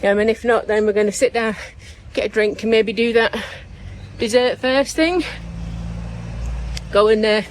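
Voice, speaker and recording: A woman's voice: on the high side, steady tone, unhurried, long pauses, slight background noise. A middle-aged woman, chatting casually and joking as she vlogs to a handheld camera. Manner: chatty and jokey, laughs often. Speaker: travel vlogger. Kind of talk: casual vlog chat.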